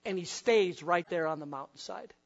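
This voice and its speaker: A pastor from the upper Midwest preaching a sermon, asking the congregation questions and acting out the voices of frightened men. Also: male voice, high voice, normal speed, gravelly, lo-fi sound.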